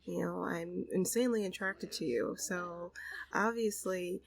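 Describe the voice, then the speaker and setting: A woman voicing a gentle, patient young man who speaks earnestly and reassuringly, in her own voice. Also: fairly low pitch, fairly even intonation, a little slow, creaky.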